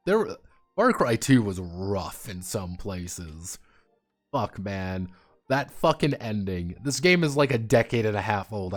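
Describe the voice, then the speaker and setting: A man streaming and chatting casually about games, rambling and swearing freely. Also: on the low side. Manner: rambling, profane, animated. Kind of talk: casual livestream chat.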